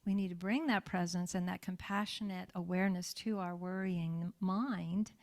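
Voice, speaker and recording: A woman pastor giving a sermon in a church in a warm, conversational way, often checking in with her listeners. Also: on the low side, fairly even intonation, normal speed.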